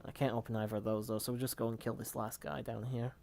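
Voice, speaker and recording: A man's voice: mid-range voice, little pitch movement, fast, gravelly, dark tone, a little hiss or hum. A man hosting a let's play, giving rambling, casual gameplay commentary with the odd swear.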